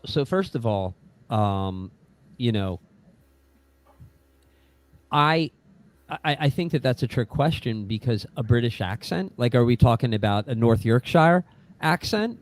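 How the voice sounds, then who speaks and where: A man talking casually as a musician guest on a podcast, halting often and restarting his words, with casual swearing. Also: mid-range voice, darkish tone, no room sound. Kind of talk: casual chat.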